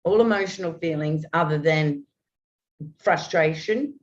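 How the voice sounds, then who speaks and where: A woman's voice: sits low, a little slow. Woman, 50s, rambling and heartfelt, muffled lo-fi sound. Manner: earnest, rambling, with many restarts. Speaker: guest. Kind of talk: open, heartfelt conversation. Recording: dull lo-fi audio.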